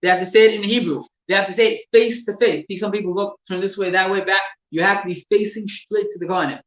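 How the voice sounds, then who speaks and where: A man teaching religious laws to a class, explaining step by step with halting repeats and gestures. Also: sits high, steady tone. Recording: echoey room, distant mic, dull sound with faint noise.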